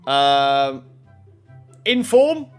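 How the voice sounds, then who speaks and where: A young man commentating on opening video game card packs, reacting loudly and excitedly to each card. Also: medium pitch, extremely slow, clean tone, soft background music. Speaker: gaming YouTuber.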